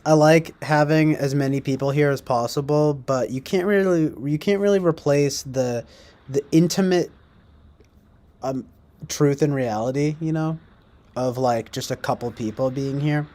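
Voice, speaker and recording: Speaking a little slowly in a slightly mellow, higher-pitched voice, a man hosts a casual livestream. He rambles, jokes around, and reads viewer comments in mocking voices.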